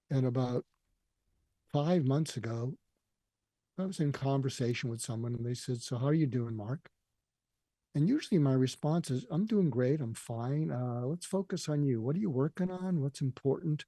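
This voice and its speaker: An older man telling a deeply personal story in an earnest, emotional way, often quoting what others said to him. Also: lively intonation, moderate pace, pauses often, dark tone, no room sound, studio quality. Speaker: guest.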